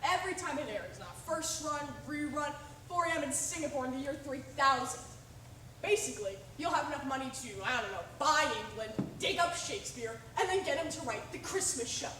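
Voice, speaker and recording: A woman playing a brash male Hollywood agent, high and distant. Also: animated, fairly bright tone. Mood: smooth-talking. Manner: brash, wheedling, rapid-fire sales patter. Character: fast-talking pushy male Hollywood agent. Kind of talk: amateur stage play. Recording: distant echoey stage recording with hiss.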